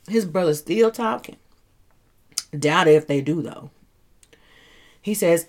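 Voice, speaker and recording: A woman's voice: deep voice, sing-song, takes it slowly, pauses often, a little mellow. A woman hosting a casual commentary show, chatty, rambling and laughing as she talks. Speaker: host.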